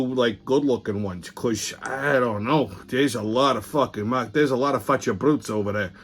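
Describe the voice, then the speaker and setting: A middle-aged man, telling a long, profane story as a host, swearing constantly and acting out what people said. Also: medium pitch. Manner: crude, rambling, swears constantly, acts out quotes.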